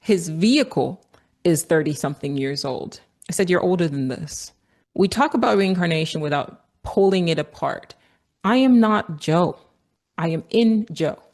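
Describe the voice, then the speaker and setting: A woman's voice: low-pitched, moderate pace, darkish tone. A woman from Nigeria telling a story in an earnest, reflective monologue. She repeats phrases for emphasis and swears casually. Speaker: vlogger. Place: outdoors on a walk.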